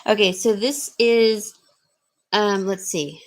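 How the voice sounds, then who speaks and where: A woman's voice: medium pitch, takes it slowly. A woman casually showing and describing jewelry for sale, rambling with frequent ums and restarts. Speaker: jewelry seller. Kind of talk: casual jewelry showcase talk.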